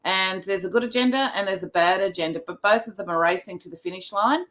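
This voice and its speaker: A woman speaking as a guest in a casual chat, pausing often to search for words. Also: mid-range voice, fairly bright tone.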